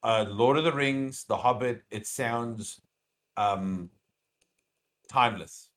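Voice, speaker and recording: A man's voice: medium pitch, takes it slowly, fairly bright tone. A man co-hosting a podcast in casual chat, rambling with lots of fillers and restarts, and getting opinionated and emphatic when he argues a point. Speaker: podcast co-host.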